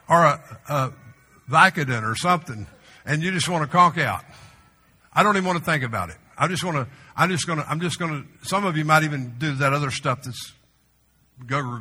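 A male pastor preaching a sermon in a church, conversational with humorous asides, sometimes dropping to a soft, slow voice. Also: fairly high pitch. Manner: drops to a soft, slow voice for tender moments. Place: church sanctuary. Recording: long reverb of a large hall.

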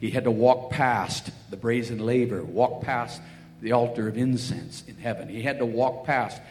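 A man's voice: medium pitch, a little mellow. A man preaching a sermon, telling Bible stories and acting out the voices of the people in them. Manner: storytelling, acting out voices in quotes. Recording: long hall reverb, faint ambient noise.

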